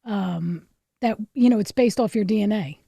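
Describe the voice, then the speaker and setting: A woman's voice: medium pitch, normal speed, gravelly, dark tone, slightly rough, no room sound, studio quality. A woman co-hosting an interview show, introducing the guest and asking questions in a friendly way with short reactions. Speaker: co-host.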